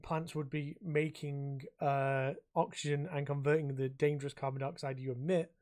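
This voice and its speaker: A man's voice: a little high, little pitch movement, moderate pace, a little mellow. A man, co-hosting a podcast in casual chat, swearing and rambling as he talks. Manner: sweary, rambling, laughs often. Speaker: podcast co-host.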